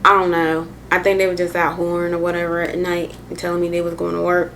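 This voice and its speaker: A woman with a low voice and plenty of gravelly fry recounts her own past to the camera. She keeps it loose and slangy, dropping "like" and "or whatever" all through, candid and matter-of-fact about hard memories. A faint hum of room noise sits behind her. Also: completely flat delivery, quick pace, a bit bright, poor audio. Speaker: storytime vlogger. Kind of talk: casual personal storytelling.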